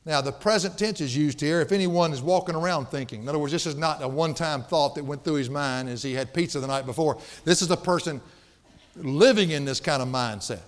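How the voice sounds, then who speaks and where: A pastor preaching a sermon in a church sanctuary, emphatic and folksy, with playful asides. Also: male voice, fairly high pitch, a little fast. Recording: long hall reverb.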